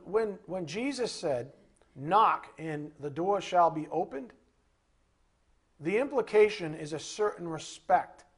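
A man giving a sermon as a Bible teacher, animated, asking rhetorical questions and acting out little scenes. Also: on the high side, breathy edge.

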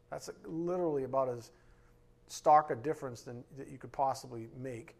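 A man teaching a Bible lesson in a relaxed, conversational way, often checking in with his listeners with "right?". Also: mid-range voice, moderate pace, creaky.

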